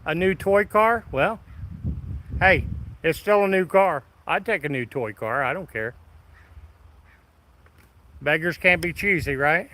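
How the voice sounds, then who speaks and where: A man's voice: a little high, a little slow, pauses often, bright, forceful tone, slight background noise, poor audio. A man hosting a casual live stream, greeting viewers by name in a folksy, friendly way. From Midwest of the United States. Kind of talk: casual live stream chat reading comments.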